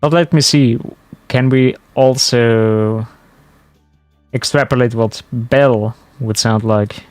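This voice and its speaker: A man's voice: medium pitch, steady tone, slow pace, darkish tone, dry recording, soft background music. A man chatting casually to his stream viewers while playing, musing aloud as he goes. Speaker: game streamer. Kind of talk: casual live-stream commentary.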